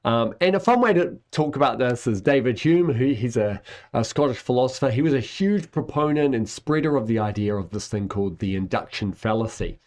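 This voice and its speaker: A man lectures on science in an enthusiastic, conversational way, frequently checking in with "right?" and other tag questions. His voice is mid-range, expressive, brisk and a little mellow, suited to an educational explainer.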